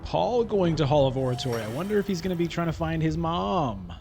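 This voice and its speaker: A man's voice: fairly high pitch, big pitch swings, brisk, darkish tone, faint music behind. A man thinking aloud while giving casual gameplay commentary on a digital board game. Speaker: gameplay streamer.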